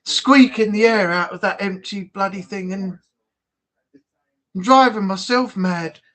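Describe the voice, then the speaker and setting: A man's voice: high-pitched, unhurried, a bit bright. Chatty man hosting a stream. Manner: chatty, frank, swears freely. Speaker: live stream host. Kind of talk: casual live-stream chat.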